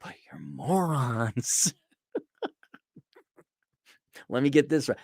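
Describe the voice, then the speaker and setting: Sarcastic ranting man, lively pitch. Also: slow, pauses often, no echo, studio quality. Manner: sarcastic, ranting, mocking voices. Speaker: podcast host. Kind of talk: opinionated monologue.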